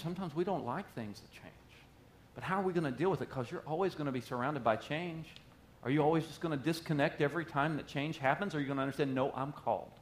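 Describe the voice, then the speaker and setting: A man's voice: on the high side, slight background noise. A male pastor preaching a sermon in a conversational, joking way. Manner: conversational and joking, acting out quotes.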